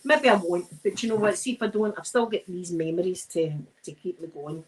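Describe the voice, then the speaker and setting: Speaking a little fast in a fairly low voice, a Scottish woman irons during a live stream and tells rambling stories between frequent laughs. The recording sounds poor.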